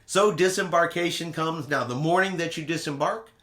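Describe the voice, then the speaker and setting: A man hosting a travel vlog, telling a casual cruise recap in an animated way and acting out quotes dramatically. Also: on the high side, moderate pace, roomy sound. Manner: animated storyteller who acts out quotes dramatically.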